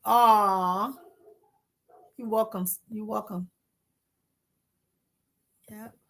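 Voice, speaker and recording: Bright-voiced woman hosting a livestream. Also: mid-range voice, fairly even intonation. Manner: warm, reassuring, addresses viewers as "my love" and "honey"; drawn-out soothing repetitions. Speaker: spiritual livestream host. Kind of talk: casual livestream chat with viewers.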